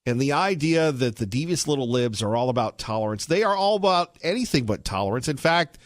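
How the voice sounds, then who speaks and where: A man's voice: mid-range voice, animated, fairly quick, no echo, studio quality. Joking talk radio host, man. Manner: joking, sarcastic asides.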